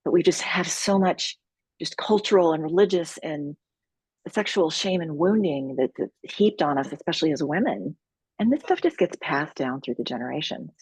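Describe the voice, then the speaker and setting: A woman who leads healing retreats, talking calmly and earnestly as a guest in an interview, with measured pauses. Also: deep voice, slightly rough, no echo. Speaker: sexual healing retreat leader.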